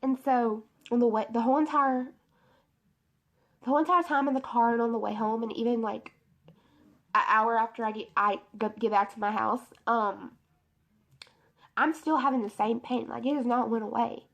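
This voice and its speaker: A woman's voice: a little high, steady tone, moderate pace, long pauses, highs cut off. A young woman telling a personal testimony story in a rambling, emotional way, full of fillers, in her bedroom. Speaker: beauty vlogger.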